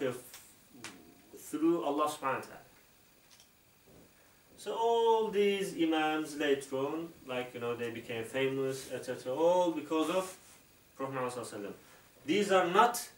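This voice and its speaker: Halting man in an echoey room. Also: on the high side, slight background noise. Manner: halting, filler-heavy, keeps checking with "okay?". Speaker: Islamic instructor. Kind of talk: explaining to an interviewer. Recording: roomy, distant mic.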